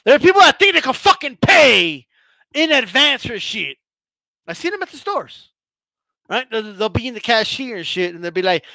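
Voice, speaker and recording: A man's voice: very high-pitched, very animated, moderate pace, sharp tone, dry recording. A man hosting a boxing channel, ranting heatedly with lots of swearing and stammered restarts. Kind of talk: profane casual rant.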